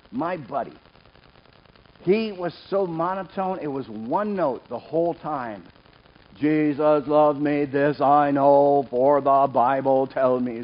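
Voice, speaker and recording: A man preaching a sermon in church, lively and joking, calling on members of the congregation by name. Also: mid-range voice. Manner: lively, jokes with the congregation, calls out names. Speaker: pastor. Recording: dull sound with faint noise.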